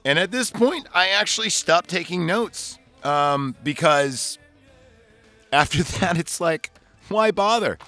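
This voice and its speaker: A man's voice: a little high, takes it slowly, soft background music. Profane rambling podcast guy. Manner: rambling, profane, animated retelling. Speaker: podcast host reviewing a movie. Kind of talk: casual chat.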